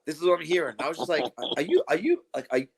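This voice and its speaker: High-voiced man swearing through stories. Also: quick pace, gravelly, breathy edge. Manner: profane, animated storytelling with acted-out quotes. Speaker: podcast co-host. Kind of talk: casual chat.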